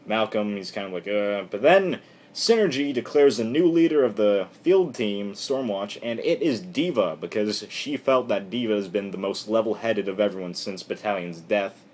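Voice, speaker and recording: A man casually recapping a comic book issue on camera in a rambling, irreverent, animated way. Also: on the low side, moderate pace.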